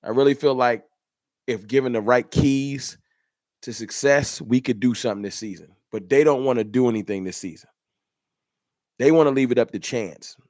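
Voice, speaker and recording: A man's voice: mid-range voice, normal speed, darkish tone, no room sound, studio quality. A man hosting a fan channel livestream, ranting in an emphatic, repetitive, slangy way. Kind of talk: livestream rant.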